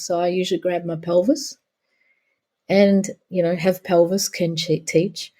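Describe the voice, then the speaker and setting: A woman's voice: on the low side, steady tone, moderate pace, mellow. A middle-aged woman, a guest on a podcast interview, telling stories about her work and acting out her talks with clients. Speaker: guest, pelvic therapist.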